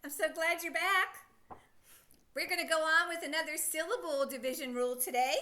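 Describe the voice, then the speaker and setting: A woman teaching a phonics lesson to children, sounding out words slowly and asking lots of encouraging questions. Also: very high voice, steady tone, bright, forceful tone. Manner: encouraging, asks many questions.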